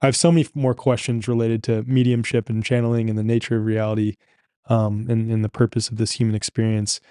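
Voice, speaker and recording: Guy hosting a podcast, mellow voice, dry sound, strings questions together. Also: fairly low pitch, little pitch movement, fast talker, clean tone, dry recording. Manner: affirming, asks long multi-part questions. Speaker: podcast host. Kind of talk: interview conversation.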